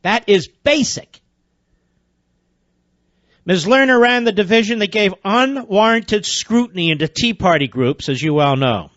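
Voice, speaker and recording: A man's voice: high-pitched, lively intonation, measured pace, fairly bright tone, no room sound, muffled recording. A man hosting a talk radio show, reading news items aloud and breaking into sarcastic, indignant commentary.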